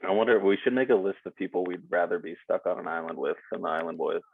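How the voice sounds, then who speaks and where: A man's voice: sits low, racing, gravelly, husky, dry recording. A man co-hosting a podcast in laid-back, joking casual chat, laughing often. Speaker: podcast co-host. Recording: tinny phone-like line.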